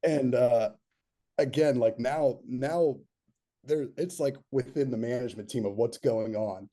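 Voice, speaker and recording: A man telling a workplace story in a casual, lively way, laughing as he goes and acting out what others said. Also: mid-range voice, a little slow. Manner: lively storyteller, laughs mid-sentence, acts out quotes. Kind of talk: casual anecdote.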